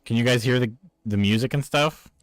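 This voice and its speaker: A man's voice: mid-range voice, brisk, dry recording, clean studio sound. A man with a Newfoundland accent, chatting casually on a live stream and arguing with viewers about his microphone. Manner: exasperated, arguing with chat about his mic.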